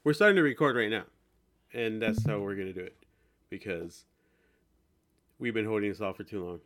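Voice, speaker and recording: A man's voice: lowish voice, fairly quick, over music. Sick-voiced casual podcast host man. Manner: loose and conversational, swears casually. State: sick, congested voice.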